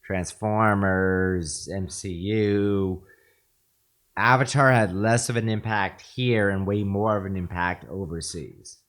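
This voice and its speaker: A man with a somewhat low voice, co-hosting a podcast. He gives casual, opinionated takes in an offhand way, dropping in fillers as he goes. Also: steady tone, takes it slowly, fairly bright tone.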